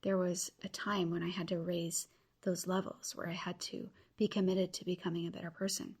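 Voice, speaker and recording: Husky-voiced woman giving earnest encouragement. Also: on the low side, level tone, moderate pace, a little mellow. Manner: earnest, encouraging, addresses listeners directly. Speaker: podcast host. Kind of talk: motivational podcast talk.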